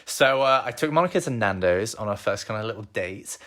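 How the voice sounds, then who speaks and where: A man's voice: lowish voice, animated, fairly quick, fairly bright tone. A young man in his twenties co-hosting a couple's podcast, chatty and teasing, laughing often as he tells the story. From England. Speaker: podcast co-host. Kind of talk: casual couple chat.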